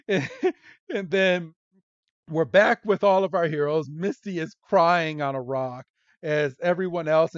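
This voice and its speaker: A man hosting a podcast, casually recapping an episode and slipping into quick voiced quotes of the characters. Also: on the high side, no echo. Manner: retells scenes with quick voiced quotes and laughs. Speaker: podcast host. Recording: dull lo-fi recording.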